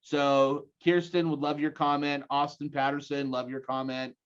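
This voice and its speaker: A man in his forties with a Utah accent leads a lively seminar, throwing questions at his audience. His voice sits a little high for a man. The sound is dull and lo-fi, like audio sent over a video call. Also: moderate pace, smooth. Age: 40s. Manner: energetic, rallying the audience with questions. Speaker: guest speaker. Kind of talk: live seminar presentation.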